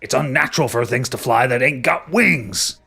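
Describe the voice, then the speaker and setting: A man's voice: fairly low pitch, moderate pace, creaky, pushed and bright, slightly rough, faint music behind, full character voice. A man voicing a stubborn, bigoted male lord who rants coarsely. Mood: ranting. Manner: ranting, coarse.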